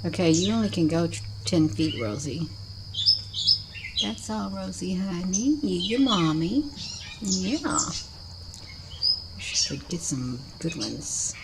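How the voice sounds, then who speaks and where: Speaking slowly and pausing often, a woman with a lowish, lively voice films the sky near her house and chats casually, coaxing viewers as honey. The camera mic captures loud outdoor noise and birds singing.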